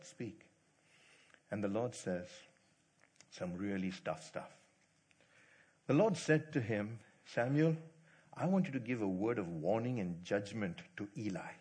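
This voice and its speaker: A man preaching a sermon in a church, telling stories and acting out the people in them, swinging from loud to hushed. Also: fairly low pitch, slightly rough. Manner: animated storytelling, acts out quotes, swings loud to hushed. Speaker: pastor.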